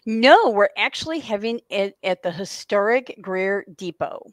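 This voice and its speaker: A woman's voice: mid-range voice, expressive, measured pace, no echo. A woman hosting an author interview, chatting casually with short, encouraging replies. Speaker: interviewer host.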